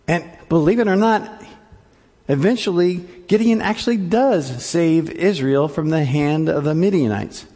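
A man pastor delivering an animated sermon and joking with his congregation. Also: fairly high pitch, a little slow, long reverb tail.

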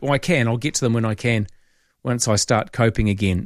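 A middle-aged man hosting talkback radio, opinionated and animated, taking callers. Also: mid-range voice, fairly quick, no echo, studio quality. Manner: opinionated, animated, mock-voices people. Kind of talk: casual talkback chat.

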